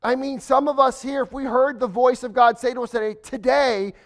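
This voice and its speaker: Pastor, man, fairly high voice, dynamic sermon delivery moving between quiet and forceful. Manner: swings from hushed to emphatic, slows for stress.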